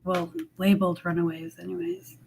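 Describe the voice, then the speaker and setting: A woman's voice: fairly low pitch, very animated, normal speed, creaky, darkish tone, slight background noise. A woman in a casual group chat, talking in a chatty, sympathetic way.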